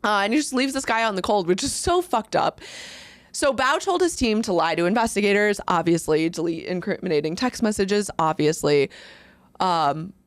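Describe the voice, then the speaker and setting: A woman's voice: medium pitch, lively intonation, moderate pace, no room sound. A woman co-hosting a casual podcast, telling a story in a chatty way, laughing often and acting out quotes. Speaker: podcast co-host.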